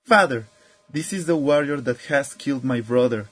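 A man's voice: mid-range voice, animated, normal speed, breathy edge. A man voicing a grim young warrior's captor who speaks firmly and insistently.

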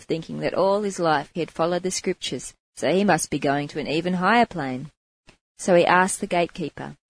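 A woman's voice: low-pitched, dry recording, low-quality recording. A woman as a spiritual teacher, giving an earnest inspirational talk and telling a story to her class.

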